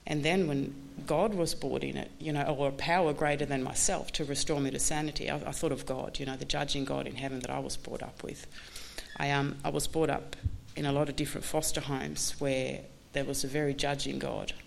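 A woman candidly telling her recovery story in a halting, earnest way, full of restarts. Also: very deep voice, level tone, gravelly, slight background noise. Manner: candid, halting, many restarts and you-knows. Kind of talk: personal testimony talk.

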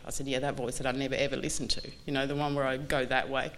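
A woman candidly telling her recovery story in a halting, earnest way, full of restarts. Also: very deep voice, a little hiss or hum. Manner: candid, halting, many restarts and you-knows. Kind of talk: personal testimony talk.

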